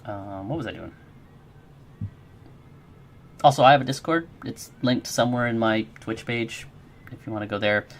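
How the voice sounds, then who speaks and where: A man's voice: fairly low pitch, fairly quick. A man streaming his game development work, chatting casually with viewers in a rambling, friendly, encouraging way and answering chat.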